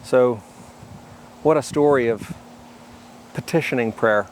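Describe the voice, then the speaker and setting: Older man giving a relaxed devotional talk. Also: mid-range voice, slow pace, a little hiss or hum. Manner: reads scripture aloud, breaks off to comment in plain conversational words. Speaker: pastor.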